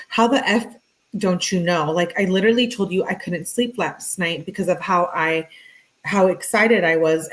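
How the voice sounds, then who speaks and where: Woman, true-crime commentary, reads messages aloud, blunt, exasperated asides, lower pitch. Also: rough recording.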